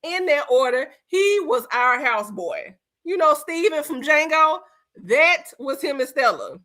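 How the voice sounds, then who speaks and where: A woman's voice: high-pitched, very animated, unhurried, pushed and bright. A woman co-hosting a podcast, talking brashly and mockingly in casual, profane banter. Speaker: podcast co-host.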